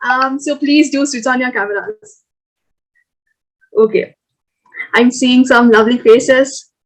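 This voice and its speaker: A woman's voice: sits high, steady tone, slow, low-quality recording. A young woman, hosting a casual online game for new students in a chatty, upbeat, coaxing way with many fillers. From Sri Lanka. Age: young adult. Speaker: game host at a student club orientation. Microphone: video call.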